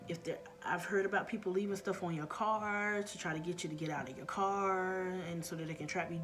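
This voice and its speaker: A woman's voice: fairly low pitch, steady tone, fairly quick, hardly any pauses, fairly bright tone. A middle-aged woman vlogger telling a story in a casual, earnest way, often dropping to a near-whisper.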